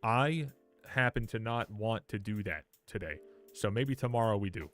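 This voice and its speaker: Young male game streamer, lowish voice, loose and profane, faint music underneath. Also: normal speed. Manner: swears freely, reacts loudly, reads patch notes aloud. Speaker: livestreamer. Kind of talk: casual live game stream.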